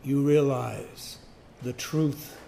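A man preaching a sermon, emphatic, swinging from loud declarations to hushed asides. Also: medium pitch, extremely slow, vocal fry, a little hiss or hum. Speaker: pastor.

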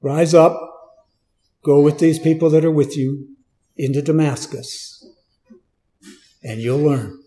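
A man's voice: a little high, fairly even intonation, slow, long pauses, dark tone. A man preaching a Bible teaching in a conversational way, asking the listeners questions and stressing key words.

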